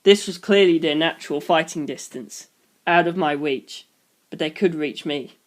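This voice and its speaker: Male narrator, mid-high voice, dramatic story reading. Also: moderate pace. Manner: switches into shouted character voices. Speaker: reader. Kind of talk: dramatic reading of a fan novel.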